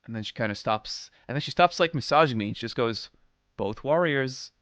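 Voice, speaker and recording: A man streaming live, telling a funny story to his chat in a casual, animated way, laughing and quoting others. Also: mid-range voice, quick pace, no echo. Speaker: streamer host.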